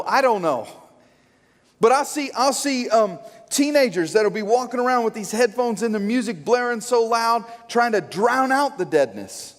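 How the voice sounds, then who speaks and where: A man preaching a sermon as pastor, an animated, joking storyteller who acts out quotes. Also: very high-pitched, moderate pace. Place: church sanctuary. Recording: long church hall reverb.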